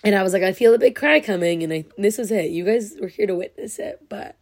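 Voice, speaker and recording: A woman's voice: medium pitch, fast talker, darkish tone. A young woman hosting her own podcast, crying happy tears as she gushes her thanks with lots of fillers and restarts. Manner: tearful, gushing, full of fillers. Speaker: podcast host. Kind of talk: emotional solo podcast talk.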